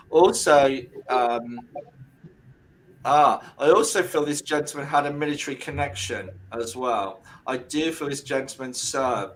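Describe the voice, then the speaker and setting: A man working as a medium on a video call, talking in halting, self-correcting bursts and often checking whether his words make sense. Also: medium pitch, a little hiss or hum, poor audio. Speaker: medium giving a reading. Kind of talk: spiritual reading on a group video call.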